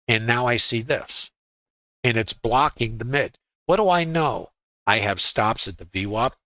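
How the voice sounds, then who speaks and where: Bright-voiced man quizzing trading students. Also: medium pitch, dry recording. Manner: rhetorical, quizzing the listener with quick questions; clipped, staccato phrasing. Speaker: trading educator. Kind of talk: screen-share trading lesson.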